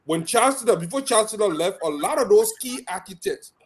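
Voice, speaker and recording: A man, a guest giving political commentary on a live show, talking haltingly with many restarts. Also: high-pitched, lively intonation. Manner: halting, restarts with repeated words.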